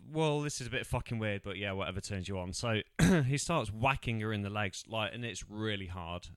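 A man in casual podcast chat, retelling film scenes with quick put-on voices. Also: lowish voice, lively intonation, fairly bright tone, dry recording, clean studio sound. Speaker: podcast co-host.

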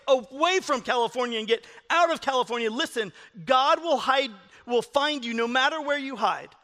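A middle-aged man, a pastor, preaching a sermon with animated, jokey storytelling. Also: extremely high pitch, a little fast, in a large hall.

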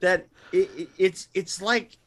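A man co-hosting a podcast in casual chat, halting and repeating words as he gathers his thoughts. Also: sits high, steady tone, a crowd in the background. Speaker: podcast co-host.

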